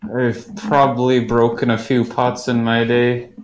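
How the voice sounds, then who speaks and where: A man's voice: mid-range voice, level tone, measured pace. A man playing a tabletop role-playing game, describing his moves in a laid-back, casual way. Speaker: player. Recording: roomy echo.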